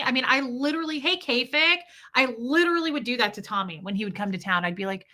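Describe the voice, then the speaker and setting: A woman's voice: fairly high pitch, expressive, normal speed, pushed and bright. A middle-aged woman talking openly and candidly about her own life, now and then acting out the voices of people in her stories. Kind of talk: candid personal storytelling.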